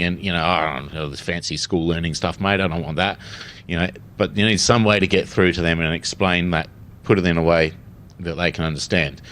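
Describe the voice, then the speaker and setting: A young Australian man talking on a discussion panel, his voice sitting very low. He speaks in a candid, plain-spoken way and drops in the odd swear word. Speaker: panelist with lived experience.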